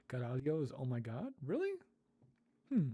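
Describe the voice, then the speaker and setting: Laid-back male streamer, slow and mellow, giggly, repeats foreign words carefully. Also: on the high side, slightly rough. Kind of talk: casual livestream chat.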